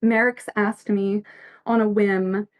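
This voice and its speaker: A woman's voice: medium pitch, flat delivery, takes it slowly, a little hiss or hum. A woman giving casual livestream commentary as a fanfic author, earnest and reflective, reading chat messages aloud.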